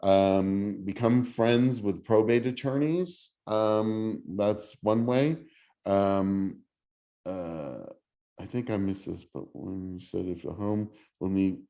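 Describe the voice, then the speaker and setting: Leading a real estate class over video call, a middle-aged man talks slowly in a fairly low, mellow voice. His casual teaching is halting, full of ums, fillers, and restarts.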